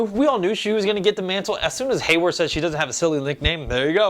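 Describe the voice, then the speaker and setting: Young man, vlog host, casual review, excitable, animated, slightly high voice. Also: quick pace, hardly any pauses. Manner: animated and excitable, acting out quotes.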